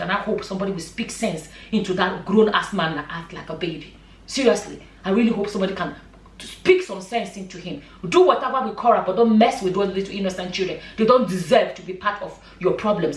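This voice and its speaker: A woman's voice: lowish voice, fast. Passionate woman vlogger, roomy echo. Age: adult, a mother. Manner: passionate, emphatic, repeats points for stress. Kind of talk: opinion vlog commentary. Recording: echoey room, mic at a distance.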